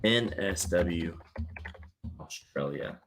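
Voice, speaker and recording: A man's voice: deep voice, animated, drawn-out words, a bit bright, slight background noise. A middle-aged man hosting a live call-in show in a casual, rambling way, full of fillers and repeats. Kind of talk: casual livestream chat.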